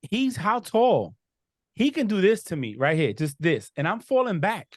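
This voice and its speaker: Man, podcast host, blunt, animated, slightly high pitch, dry sound. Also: moderate pace, dry recording. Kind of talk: casual sports chat.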